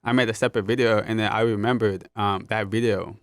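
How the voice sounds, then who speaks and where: A young man talks in a relaxed, easygoing way, often slipping into quoted voices of friends and coworkers. His voice sits low and is recorded close and dry, with no room sound. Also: quick pace, no room sound. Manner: laid-back, laughs often, quotes others in animated voices. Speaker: podcast guest. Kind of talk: casual storytelling.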